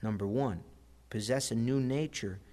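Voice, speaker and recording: A man's voice: mid-range voice, moderate pace, dark tone. Man preaching in a conversational way. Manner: conversational preaching with frequent fillers. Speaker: pastor. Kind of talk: sermon.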